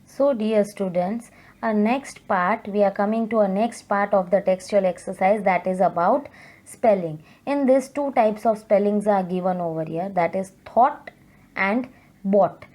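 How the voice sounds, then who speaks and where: A woman teacher, explaining a lesson to students slowly and carefully. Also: medium pitch, mellow. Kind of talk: recorded online English lesson.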